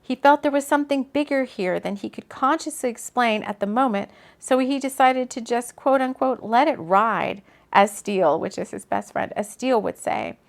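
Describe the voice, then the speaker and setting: A woman, an author, reading her own book aloud in a relaxed way, breaking off for casual asides. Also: fairly high pitch, moderate pace, gravelly, few pauses. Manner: chatty, laughs at her own slips and comments mid-reading.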